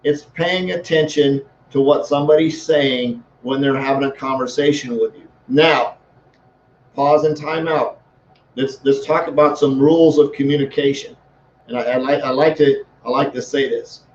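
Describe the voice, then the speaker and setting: A man's voice: medium pitch, fairly even intonation, moderate pace, a little hiss or hum. A man talking as a leadership coach in a casual live-stream, rambling with many restarts. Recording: echoey room, dull lo-fi sound.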